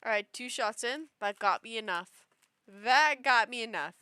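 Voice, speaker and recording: Gushing high-voiced young woman. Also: moderate pace, smooth, no room sound. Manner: gushing, excitable, squeals over cute things. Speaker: vlogger. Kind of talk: casual chat.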